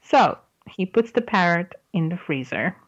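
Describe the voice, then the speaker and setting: Low-voiced woman chatting on a podcast. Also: lively intonation, a little slow, slightly rough, dry recording, highs cut off. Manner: chatty, laughs often, explains words. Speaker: podcast host. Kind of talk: casual chat, telling a joke.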